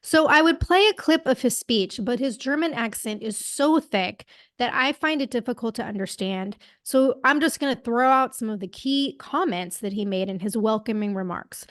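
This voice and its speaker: A woman's voice: a little high, lively intonation, moderate pace, dry recording, studio quality. A woman co-hosting a podcast, talking outspokenly and sarcastically in casual commentary. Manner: outspoken, sarcastic, laughs at own slips. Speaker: podcast co-host.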